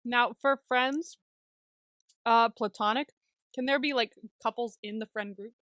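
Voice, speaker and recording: A young woman co-hosting a casual podcast, chatty and quick to laugh, swearing casually. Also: fairly high pitch, a bit bright, no echo, clean studio sound. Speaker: podcast co-host. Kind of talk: casual chat.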